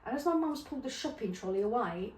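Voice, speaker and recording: A middle-aged woman co-hosting a podcast, telling funny stories in a casual chat, animated, laughing often and swearing freely. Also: on the high side, fast talker. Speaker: podcast co-host. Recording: roomy, distant mic with faint noise.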